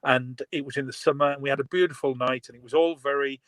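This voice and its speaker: A man's voice: medium pitch, fast, dry recording, rough recording. A man, animatedly telling a story over a video call. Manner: animated storyteller, laughs often. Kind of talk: casual video call chat.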